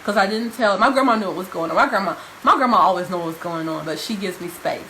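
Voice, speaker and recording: A woman's voice: medium pitch, fast talker, pushed and bright, a little hiss or hum, rough recording. A young adult woman vlogging, telling a personal story straight to her viewers in a casual, emphatic way and repeating phrases for stress. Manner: addresses viewers informally.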